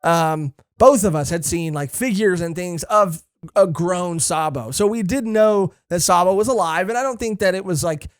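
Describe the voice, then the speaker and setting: A man co-hosting a podcast, chatting casually, excitable and profane, rambling with lots of fillers. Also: high voice, normal speed, clean tone, no room sound, studio quality. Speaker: podcast co-host. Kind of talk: casual chat.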